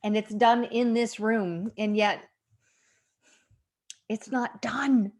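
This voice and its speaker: Slow-talking reflective woman. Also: a little high, fairly even intonation, a little mellow. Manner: reflective, candid, laughs at herself. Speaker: faith vlogger. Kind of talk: casual devotional vlog. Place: home room under remodel.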